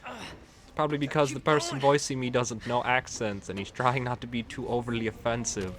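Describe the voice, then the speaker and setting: A man's voice: on the low side, unhurried, a crowd in the background, voice pushed up, lightly acted. A man voicing a melodramatic dying female spy in an overwrought, pleading tone with a wobbly put-on accent that keeps changing.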